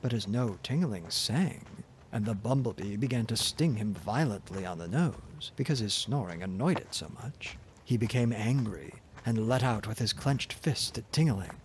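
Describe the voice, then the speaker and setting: A man narrating a fairy tale in a soft, gentle, expressive reading voice. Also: fairly low pitch, moderate pace, hardly any pauses, a little hiss or hum. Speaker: storyteller.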